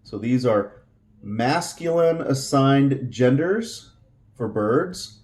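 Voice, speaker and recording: A man's voice: mid-range voice, animated, extremely slow, darkish tone. A man teaching a Spanish lesson, explaining patiently with frequent fillers and repeating each word. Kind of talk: slow explanatory language lesson.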